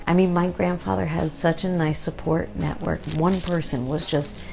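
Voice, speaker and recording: A woman talks in a casual, chatty way about fixing up a kitchen, her voice a little on the low side. She tells her stories with a lot of animation and laughs along the way. Faint music runs under her voice. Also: steady tone, unhurried, vocal fry, fairly bright tone. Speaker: home renovation vlogger. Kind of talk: casual chat.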